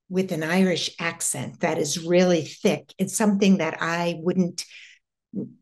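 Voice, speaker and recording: A middle-aged American woman telling a personal spiritual story, slowly and haltingly, with many restarts. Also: fairly low pitch, darkish tone. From United States. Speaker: interview guest.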